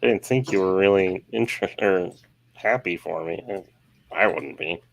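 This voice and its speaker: A man co-hosting a casual chat, low-key and easygoing, mostly giving short replies. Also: normal speed, vocal fry. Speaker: podcast co-host.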